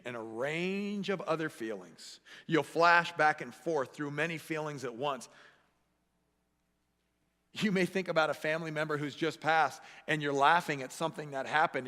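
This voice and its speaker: A man preaching a sermon as pastor, animated and acting out the voices he quotes. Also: a little high. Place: church sanctuary. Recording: echoey church hall.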